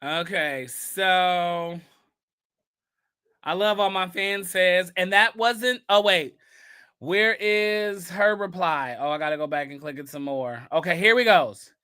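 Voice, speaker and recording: In a slightly slow, cleanly recorded gossip commentary, a bright, high-voiced man reads out posts and replies with sassy rhetorical questions delivered with emphasis. His tone remains pointed and sharp throughout.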